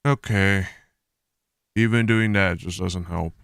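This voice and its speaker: A man's voice: low voice, steady tone, takes it slowly, creaky, fairly bright tone, smooth, no echo, studio quality. A man chatting on a live stream, rambling and restarting his sentences as he gets fed up with technical problems. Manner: rambling, restarting sentences, exasperated about tech issues. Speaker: streamer hosting a watch party. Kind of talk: casual live-stream chat.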